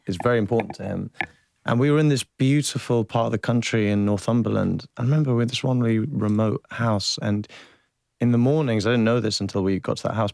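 A man speaking as a radio interview guest, earnest and halting as he searches for words in front of a studio microphone. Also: fairly low pitch, creaky, darkish tone, dry recording. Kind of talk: reflective radio interview talk.

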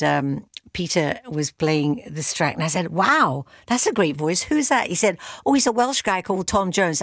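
A woman presenting a radio show, chatting between songs in a self-mocking, animated way. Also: fairly low pitch, dry recording, clean studio sound.

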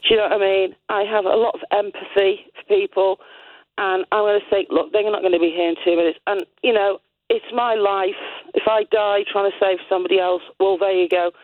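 A woman's voice: medium pitch, flat delivery, a little fast, no echo. A woman calling in to a radio show, chatty and opinionated, rambling through her views in casual talk. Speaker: radio caller. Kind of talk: casual phone-in chat. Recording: tinny phone line.

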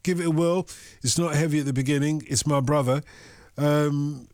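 A man hosting a late-night radio phone-in, joking in a dry, deadpan way from a studio mic. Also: a little high, normal speed, dry recording. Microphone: studio microphone.

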